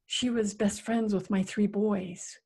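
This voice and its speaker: Middle-aged woman, interview guest; vivid, animated storyteller who acts out sounds and voices, medium pitch. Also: slow, gravelly, breathy edge. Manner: vivid, animated telling with acted-out sounds and quotes. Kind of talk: personal storytelling in conversation.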